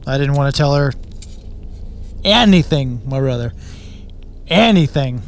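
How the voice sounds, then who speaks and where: A man's voice: mid-range voice, expressive, a little slow, a little hiss or hum. A man casually telling a story for his channel, hesitant, with many filler sounds and small chuckles. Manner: hesitant, lots of uh, chuckles at himself. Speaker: channel host.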